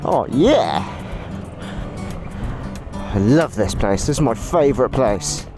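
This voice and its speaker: Unhurried man, lively exclaiming rider. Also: mid-range voice, over music. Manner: exclaiming, laughing at himself, swearing. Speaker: motorcycle vlogger. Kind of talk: casual ride commentary. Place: outdoors on a motorbike trail. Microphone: action camera with portable recorder.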